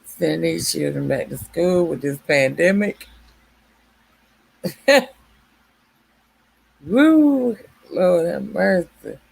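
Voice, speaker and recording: A woman's voice: low voice, a little slow, creaky, darkish tone, husky. A woman hosting a casual late-night livestream, chatting with viewers by name and laughing often. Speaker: livestream host.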